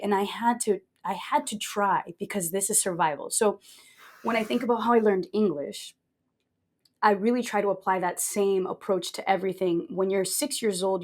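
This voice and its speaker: Lively, candid woman guest telling stories. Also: medium pitch. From Brazil. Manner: animated, candid, jokey. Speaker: podcast guest. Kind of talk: casual interview storytelling.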